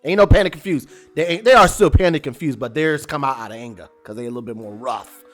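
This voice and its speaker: A man casually recapping a TV episode, animated and colloquial, rambling with restarts. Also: mid-range voice, quick pace, soft background music.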